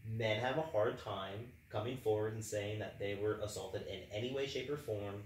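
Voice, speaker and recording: A man's voice: lowish voice, normal speed, slight background noise. Man, earnest co-host, long explanations, echoey room, mic far off. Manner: conversational, earnest, builds long arguments. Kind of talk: casual podcast discussion.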